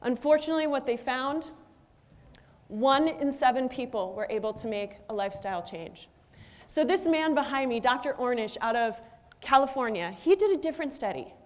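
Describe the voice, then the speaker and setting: A woman's voice: high-pitched, animated, normal speed. A middle-aged woman giving a motivational keynote talk, full of energy and drawing the audience in with questions. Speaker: keynote speaker and wellness coach. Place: large conference hall with an audience. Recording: long hall reverb.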